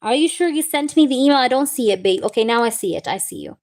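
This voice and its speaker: A young woman reading tarot live, chatting warmly with viewers and calling them babe and baby girl. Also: on the high side, lively intonation, fast talker. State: recovering from a wisdom tooth removal. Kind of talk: live-stream chat with viewers.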